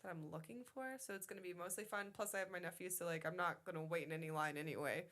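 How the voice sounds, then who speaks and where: A woman's voice: fairly low pitch, fast, fairly bright tone. A woman co-hosting a podcast in casual chat, rambling and swearing freely. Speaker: podcast co-host.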